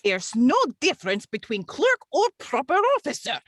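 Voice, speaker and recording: Una mujer interpreta a una secretaria de consejo parroquial, educada y firme, con un acento ruso exagerado a propósito. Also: female voice, fairly high pitch, big pitch swings, moderate pace, breathy edge, dry recording, clean studio sound, voice pushed up. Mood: firm. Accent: deliberately bad Russian accent. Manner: polite, procedural, firm. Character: prim female parish clerk, calm and unyielding. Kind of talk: comic re-enactment.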